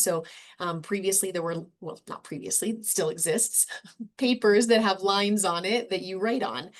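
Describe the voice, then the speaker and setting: An upbeat woman leads a cultural competency workshop for a campus audience. She explains ideas clearly and now and then acts out quick bits of dialogue to show her point. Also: medium pitch. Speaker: trainer. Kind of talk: workshop presentation.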